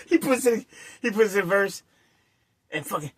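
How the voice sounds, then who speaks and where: A man's voice: sits high, expressive, a little slow, husky. A man hosting a show, telling a raucous story full of swearing, laughing often and acting out the scenes. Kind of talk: casual anecdote telling.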